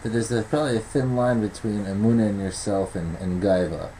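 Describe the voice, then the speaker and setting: A man's voice: fairly low pitch, fairly quick, dark tone, slight background noise, rough recording. A man taking part in a class discussion, making short, hesitant remarks. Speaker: class participant. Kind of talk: casual discussion.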